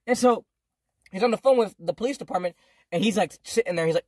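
A man's voice: high voice, fast talker, a little mellow, no echo, clean studio sound. A young man telling a casual storytime vlog from home, rambling in slangy, profane speech. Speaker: vlogger.

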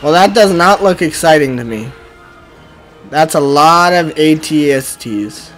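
A male streamer commentating his gameplay, often frustrated and ranting at the game, with sudden bursts of yelling. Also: a little high, animated, unhurried, soft background music.

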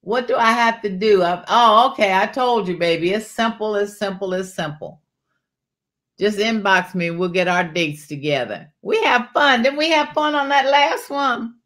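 A woman's voice: fairly high pitch, moderate pace, hardly any pauses. Chatty woman hosting a live jewelry sale. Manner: chatty, calls out viewers by name, folksy Southern-style warmth in words like y'all. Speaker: live-stream jewelry seller. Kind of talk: casual live-stream sales chat.

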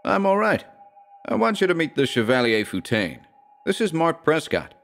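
A man's voice: a little high, big pitch swings, normal speed, creaky, fairly bright tone, faint music behind, voice pushed up, exaggerated voice. Man doing a brusque, haggard actor. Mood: snapping. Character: haggard, secretive young male actor.

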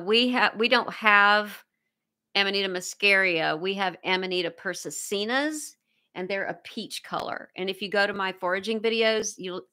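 Woman host, bright and crisp tone, loose chatty livestream delivery, warmly thankful to viewers. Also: mid-range voice. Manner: reads viewer comments aloud, effusively grateful. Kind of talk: casual livestream chat.

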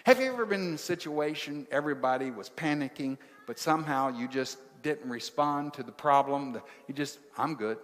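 A man's voice: fairly high pitch, fairly quick, few pauses. A man preaching a sermon as pastor, speaking in short rhythmic phrases and putting questions to his congregation. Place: church sanctuary. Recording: large hall with long reverb.

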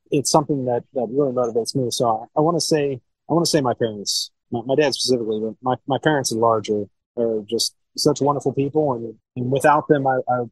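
A man from Ohio, a sommelier, chatting casually in a podcast interview. His voice sits at an ordinary middle pitch, recorded dry and close. He rambles, restarts his sentences and swears freely. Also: no room sound, low-quality recording. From Cincinnati, Ohio, USA. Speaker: sommelier and wine shop owner.

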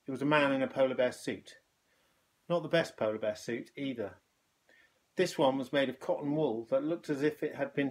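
A male teacher reading a children's novel aloud with a lively, expressive delivery. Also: medium pitch.

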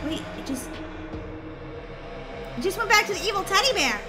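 A woman hosting a game let's-play with bubbly, excitable, jokey commentary. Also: sits high, a little fast, pauses often. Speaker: gaming channel host. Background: game music.

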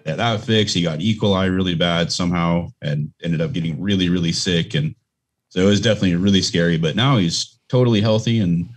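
Low-voiced man, matter-of-fact. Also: a little fast. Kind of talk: casual podcast chat.

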